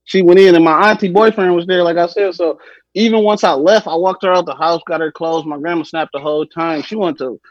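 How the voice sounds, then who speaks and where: A young man telling a funny story on a podcast, animated, slangy and laughing often. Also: high-pitched, fairly quick, no echo, dull audio. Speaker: podcast guest. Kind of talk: casual storytelling.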